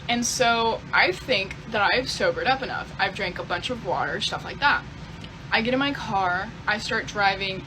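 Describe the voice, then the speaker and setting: A woman's voice: mid-range voice, noisy background. A young woman casually telling a confessional story, rambling and swearing a lot. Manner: profane, rambling, fillers like "type beat". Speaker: storyteller in a clip.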